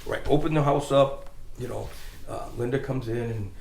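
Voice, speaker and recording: A man's voice: medium pitch, normal speed, gravelly, darkish tone, roomy sound. A man telling a long funny story in a rambling casual way, stopping to restart and laughing as he goes.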